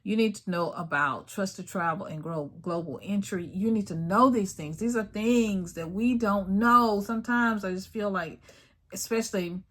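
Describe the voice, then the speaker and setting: A woman's voice: medium pitch, normal speed. A middle-aged woman hosting her own video, talking casually and emphatically to her viewers, repeating her points and calling them y'all. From United States. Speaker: video host. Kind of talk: casual talk to camera.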